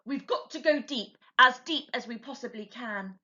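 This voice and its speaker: A woman voicing an adult male fox, a brave and quick-thinking father, in an earnest storybook voice with a dull lo-fi sound. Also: a little high, lively intonation, pitched above the performer's own voice. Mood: urgent. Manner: earnest storybook voice, rising to urgent shouts.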